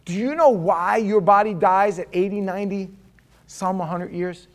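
Guy preaching, fairly high voice, gets loud then drops quiet, stumbles and restarts a lot. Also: moderate pace. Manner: animated, swings from loud to quiet; conversational asides, stammers and restarts. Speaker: pastor. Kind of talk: sermon.

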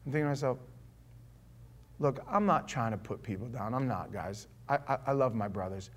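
A man in his forties preaching a sermon, animated, swinging from loud exclamations to hushed asides and acting out quotes. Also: mid-range voice, moderate pace. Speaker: pastor.

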